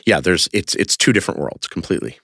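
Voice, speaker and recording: A man with a deep, low voice talks as a podcast guest. He tells his stories in a rambling way, full of fillers and restarts. The sound is dry and close-miked. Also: big pitch swings, fast talker, creaky, bright, forceful tone, no echo. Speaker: interview guest, creator of a street-question video project. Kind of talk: casual podcast conversation.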